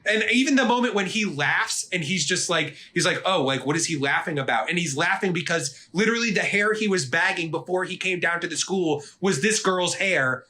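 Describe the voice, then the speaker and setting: A man co-hosting an anime podcast in casual chat, animated and swearing, acting out characters' lines. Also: high voice, normal speed, hardly any pauses. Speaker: podcast co-host.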